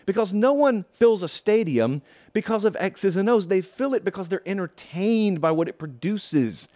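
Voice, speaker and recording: Animated male sports host, emphatic monologue with rhetorical questions and sarcastic asides. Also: high voice, moderate pace. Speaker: college football show host. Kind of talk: opinion monologue.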